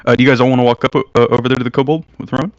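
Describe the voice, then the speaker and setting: A man's voice: mid-range voice, steady tone, rapid-fire, no room sound, lo-fi sound. A man narrating as game master in a casual, filler-heavy way.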